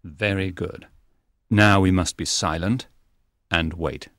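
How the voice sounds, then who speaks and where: A calm, clever detective. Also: male voice, deep voice, dry recording, clean studio sound, full character voice. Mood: tense. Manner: measured, explanatory. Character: calm, clever male detective, commanding and sure. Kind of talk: audiobook character reading.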